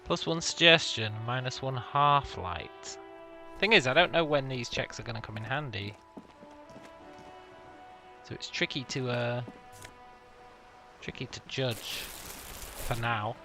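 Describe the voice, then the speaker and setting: A man's voice: mid-range voice, a little slow, long pauses, over music. A young man hosting a game playthrough, joking and reading dialogue options aloud. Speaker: gaming video host. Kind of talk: casual let's-play commentary.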